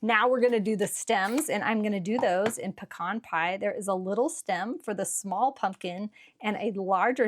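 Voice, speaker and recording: A woman hosting a relaxed craft tutorial, chatty and encouraging, with frequent fillers as she works at her table. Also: medium pitch. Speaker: card-making channel host.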